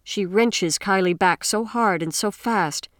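This woman narrates an audiobook with a mid-range voice, telling the scripted story in a measured, expressive way. There is no room sound, just clean studio audio.

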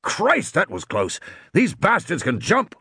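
A man's voice: high-pitched, huge pitch swings, a little slow, slightly rough, dry recording, studio quality, voice pushed up, heavily acted. A man putting on a bellowing drunken game warden. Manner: loud, bellowing. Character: gruff drunken male game warden, blustering.

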